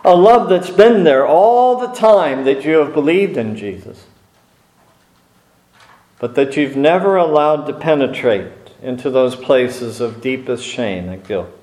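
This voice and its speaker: A man of middle pitch preaches slowly and earnestly, pausing and restarting now and then. His voice rings out in a reverberant church sanctuary. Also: lively intonation, darkish tone. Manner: earnest, measured, with small restarts and pauses. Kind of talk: sermon. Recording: echoey room.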